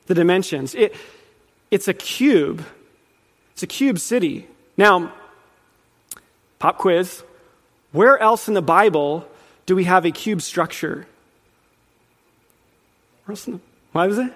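A man with a high voice teaches a sermon in an earnest, building manner, now and then quizzing the room. His words ring out with a long reverb from a large church hall. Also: lively intonation, slow pace, pauses often. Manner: earnest, rising in emphasis, quizzes the audience. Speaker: preacher teaching on Revelation.

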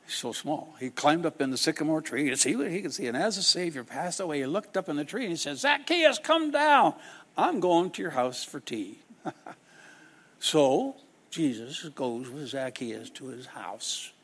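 A man preaching a sermon, dramatic and expressive, acting out the people he quotes. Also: fairly high pitch, moderate pace, slightly rough. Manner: dramatic, acts out quoted people in shifting voices.

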